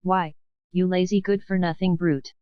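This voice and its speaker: A sharp-tongued, vain and cruel aunt, as a woman narrator puts her on, snapping and screeching her insults. The voice stays smooth and clear, with a slightly dull, dry recording. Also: fairly low pitch, steady tone, moderate pace, no room sound, natural voice. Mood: scolding.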